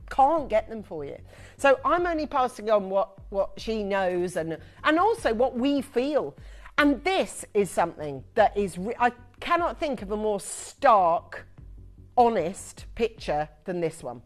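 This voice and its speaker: A chatty woman selling jewellery live from a TV studio, her voice sitting at a middling pitch. She gushes and stresses her points with emphatic, friendly sales patter, while soft music plays faintly behind her. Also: big pitch swings, measured pace. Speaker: shopping channel presenter.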